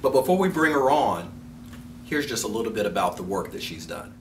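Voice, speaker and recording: A talk show host interviewing a guest, enthusiastic and a little halting. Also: male voice, fairly low pitch, lively intonation, recorded from a distance, heavy background noise. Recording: roomy, off-mic.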